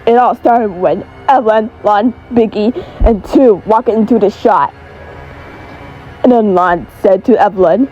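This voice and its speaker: A woman telling a homemade creepy story in a halting, stumbling way, restarting words. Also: mid-range voice, mellow, lo-fi sound, faint music behind.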